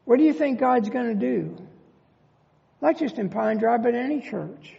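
A man's voice: very high voice, lively intonation, moderate pace, gravelly. A male pastor preaching a sermon in a church, emphatic and full of rhetorical questions. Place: church sanctuary. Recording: long church reverb, dull lo-fi sound.

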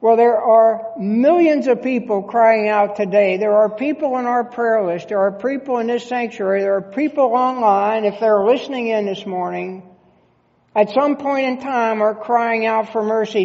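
A pastor preaching a sermon in a church sanctuary, speaking earnestly with halting restarts. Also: mid-range voice, vocal fry, a little mellow, long reverb tail, lo-fi sound.

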